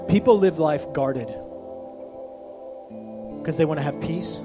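A man preaching a sermon as a pastor, animated, acting out the voices of people he quotes. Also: on the high side, slow pace, pauses often, music in the background.

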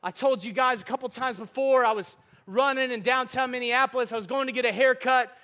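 A man preaching a sermon, impassioned and often shouting, mixing in humor and personal stories. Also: extremely high pitch, fairly even intonation, brisk.

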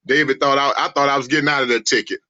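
A middle-aged man from St. Louis telling animated family stories in a casual roundtable, acting out voices as he goes. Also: very fast, no room sound. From St. Louis, USA. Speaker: roundtable participant. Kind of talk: casual storytelling among family. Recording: dull low-fidelity dry sound.

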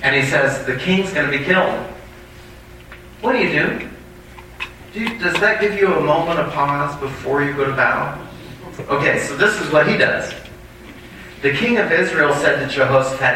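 A man's voice: on the high side, normal speed, pauses often, pushed and bright, slight background noise. A male pastor preaching a sermon, reading scripture aloud and breaking off with asides to the congregation. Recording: distant mic in a very echoey hall.

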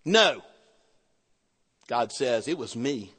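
A man preaching a sermon as a pastor, animated and swinging from loud emphasis to hushed, low asides. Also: slow, breathy edge, in a large hall.

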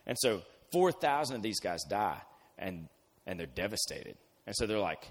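A man's voice: lowish voice, sing-song, moderate pace. A man casually retelling a Bible story as a youth pastor, acting out the characters in slang. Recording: long hall reverb.

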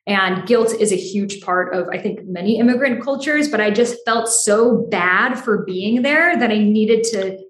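A woman's voice: mid-range voice, measured pace, hardly any pauses. A young adult woman from the United States, a podcast guest telling her personal story frankly, with a lot of "like" fillers. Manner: frank, animated, frequent "like" fillers. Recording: roomy echo.

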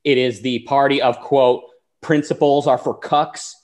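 A man's voice: medium pitch, steady tone, unhurried, a little mellow. A man hosting a talk show, delivering an argumentative political monologue and acting out the people he quotes. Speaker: show host.

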